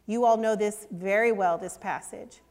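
An older woman preaching a sermon, earnest and emphatic, sometimes dropping to a hush. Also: mid-range voice, normal speed. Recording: long hall reverb.

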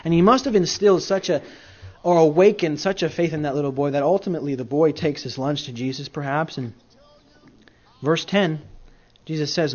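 A man preaching a sermon in a conversational storytelling way, swinging between loud and soft. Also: a little high, a little fast, dull audio.

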